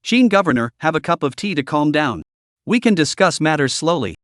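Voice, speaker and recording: A man voicing a stern, calm young male martial master who speaks in a commanding way. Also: on the high side, brisk, no echo, studio quality.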